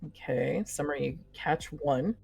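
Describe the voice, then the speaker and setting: A woman narrating as game master, making quick rule calls over faint music. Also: sits low, gravelly, a little mellow, slightly rough.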